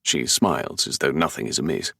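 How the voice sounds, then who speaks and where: A man with a London English accent reads a first-person romance audiobook in a dry, sardonic, exasperated voice. His voice sits very low, with a gravelly, husky grain. The recording is close and dry. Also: a little fast, sharp tone, no room sound. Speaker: audiobook narrator. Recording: dry close studio sound.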